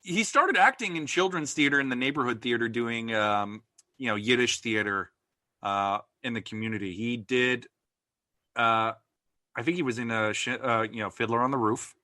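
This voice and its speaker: A man's voice: mid-range voice, normal speed, pushed and bright, dry recording, clean studio sound. A man co-hosting a podcast, chatting casually with playful, jokey banter. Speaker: podcast co-host. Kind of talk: casual chat.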